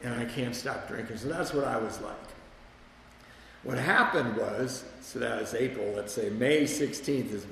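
Gravelly-voiced man telling his story. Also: medium pitch, unhurried, sharp tone, slight background noise. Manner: candid, self-mocking, with wry laughs. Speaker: speaker sharing a recovery story. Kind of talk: personal storytelling talk. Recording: echoey hall with long reverb.

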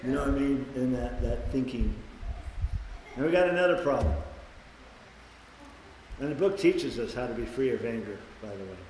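Older man, recovery meeting speaker, blunt and casual, loud acted-out quotes, booming long reverb of a large hall. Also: expressive, moderate pace, long pauses, slight background noise. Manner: blunt, swears casually, acts out quotes loudly. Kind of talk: personal testimony talk. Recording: echoey hall with faint ambience.

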